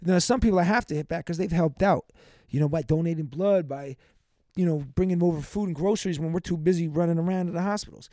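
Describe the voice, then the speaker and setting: A young man with a fairly high voice hosts his own podcast and rambles through a profane, heartfelt rant. The sound is dry and close to the mic, with no room around it. He talks casually and now and then breaks off to greet listeners by name. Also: fast talker, mellow, no room sound. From United States. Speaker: podcast host. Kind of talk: casual venting monologue.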